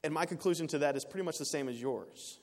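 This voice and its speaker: A man preaching a sermon in an earnest way, rising to emphatic peaks and dropping quiet again. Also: on the high side, quick pace. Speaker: pastor. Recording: long reverb of a large hall.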